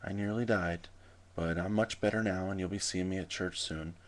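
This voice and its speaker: A man voicing a spry, hospitable ninety-five-year-old woman in a high, sweet old-lady voice. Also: steady tone, normal speed, close to an everyday voice. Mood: sweet, chipper.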